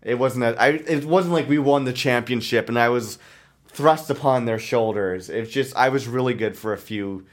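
A man's voice: mid-range voice, moderate pace. A man in his thirties hosting a podcast, telling rambling, self-mocking stories in casual chat. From Canada. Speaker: podcast host.

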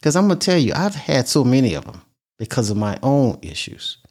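A man's voice: medium pitch, sing-song, fairly quick, a little mellow. A man hosting a vlog, talking earnestly and casually and repeating points for emphasis. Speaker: vlog host. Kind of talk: casual talk to camera.

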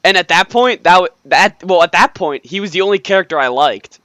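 A man co-hosting a casual movie review chat, laughing and making sarcastic quick asides. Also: sits high, sharp tone, no echo.

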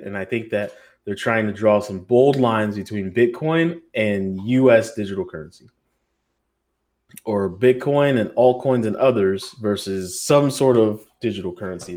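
An American man co-hosts a podcast roundtable in a low, slightly mellow voice. His casual chat is loose, joking, profane, and rambling.

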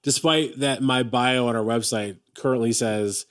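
A man's voice: medium pitch, fairly even intonation, moderate pace, a bit bright, clean tone. A man co-hosting a podcast, chatting casually about movies in a blunt, sarcastic way, swearing freely. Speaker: podcast co-host.

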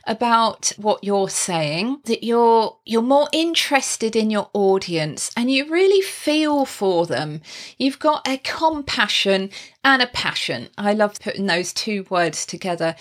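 A woman who teaches singing, talking through tips in a casual tutorial and showing off pitch and volume changes with her own voice, with chatty asides. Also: takes it slowly. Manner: expressive, demonstrates pitch and volume changes while explaining; chatty, with frequent laughs and asides.

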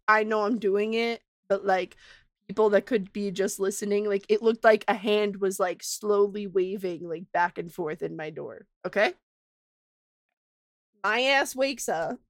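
A young woman in her twenties, co-hosting a podcast, telling a childhood story in an animated way, laughing and swearing. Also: mid-range voice, dry recording, studio quality. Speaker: podcast co-host. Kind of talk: casual chat, storytelling.

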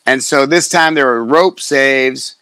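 A middle-aged man, a fighter, telling stories in casual chat, profane and animated, acting out quotes. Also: medium pitch, slow, smooth, no room sound. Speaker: guest, fighter.

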